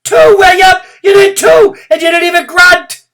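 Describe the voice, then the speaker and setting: A man reading a storybook aloud and voicing a bossy, excitable kindergarten girl who shouts her lines. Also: extremely high pitch, normal speed, distant mic, slight background noise, voice pushed up. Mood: excited shouting. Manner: loud exclamatory shouting.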